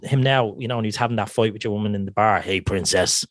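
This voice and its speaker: A man chatting casually on a podcast panel, rambling and laughing, dropping into quick voice impressions. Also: fairly low pitch, steady tone, dry recording, studio quality. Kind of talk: casual group chat.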